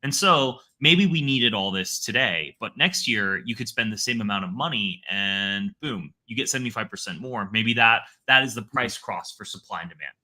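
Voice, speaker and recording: A man talks as a guest analyst in a relaxed interview. His voice sits low, yet its tone comes across bright and forward. He rambles, circling back with restarts and fillers as he thinks aloud. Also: normal speed, hardly any pauses. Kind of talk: casual interview talk.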